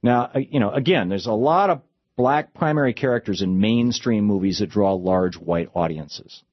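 A man's voice: fairly low pitch, normal speed, breathy edge, dry recording. A man delivering a political commentary monologue, impassioned and with sarcastic asides. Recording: dull lo-fi dry recording.

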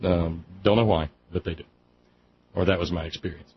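A man's voice: sits low, fairly even intonation, normal speed, slight background noise. A man with a Southern accent hosting a radio call-in show, talking in a wry, rambling way with many restarts. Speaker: radio talk show host. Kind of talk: casual call-in chat. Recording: slightly muffled radio broadcast.

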